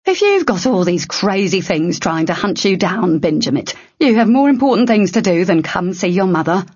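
Woman playing fierce older mother, blunt, scolding, deliberate, husky, lo-fi sound. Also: on the low side, sing-song, darkish tone.

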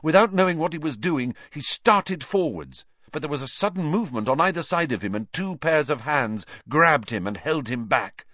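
A man narrating an audiobook with a dramatic, lively reading. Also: fairly high pitch, normal speed, few pauses, no echo, muffled recording.

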